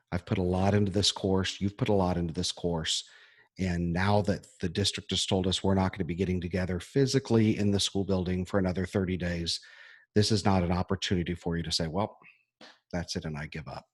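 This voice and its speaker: A middle-aged man with a low, husky voice speaks to his students as their teacher. He talks earnestly and with feeling, halting and filling pauses with ums. The sound is dry and close. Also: dry recording. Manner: earnest, emotional, halting with fillers. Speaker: history teacher. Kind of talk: heartfelt scripted-free address to students.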